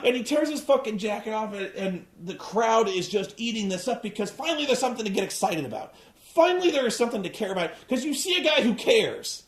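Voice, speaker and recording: A man's voice: sits high, sing-song, a little fast. Rambling, swearing man in an echoey room. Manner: rambling, swears a lot, restarts often. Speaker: host reviewing a wrestling show. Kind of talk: casual profane recap.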